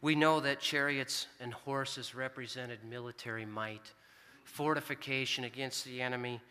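Man, middle-aged, from the US, sermon, earnest storytelling, resonant voice, bright tone. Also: mid-range voice, fairly even intonation, moderate pace, clear, resonant tone. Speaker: preacher. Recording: long hall reverb.

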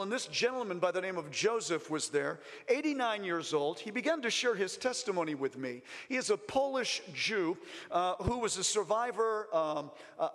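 A man's voice: high voice, fairly bright tone. A man preaching a missionary report, fervent, stumbling over restarts and breaking into praise. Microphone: presentation mic in front of an audience. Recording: long reverb in a large hall.

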